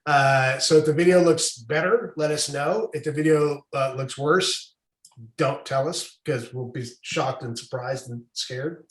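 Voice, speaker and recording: High-voiced joking man in an echoey room. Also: unhurried. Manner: rambling, jokey, breaks into silly voices. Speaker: podcast co-host. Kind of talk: casual comedic chat. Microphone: video call.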